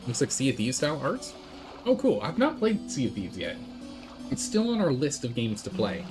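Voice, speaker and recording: Chatty male streamer, animated pitch, casual commentary over soft game music. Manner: chatty, rambling, quick asides. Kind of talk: gaming commentary.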